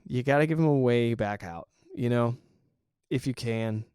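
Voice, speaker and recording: A man's voice: medium pitch, normal speed, dark tone, clean tone, no room sound, studio quality. A man hosting a solo podcast, talking casually and acting out quoted voices, often asking "right?". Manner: conversational, acts out quoted voices, frequent "right?". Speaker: podcast host.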